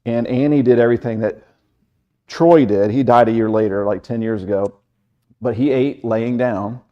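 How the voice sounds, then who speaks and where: A man co-hosting a casual talk show, laid-back and quick to laugh. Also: mid-range voice, dull audio. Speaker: meteorologist and co-host.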